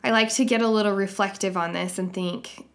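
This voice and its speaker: A woman hosting a devotional podcast, talking in an earnest, reflective way and sharing personal experiences with soft laughs. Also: medium pitch, fairly even intonation. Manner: reads scripture aloud in a measured way. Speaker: podcast host.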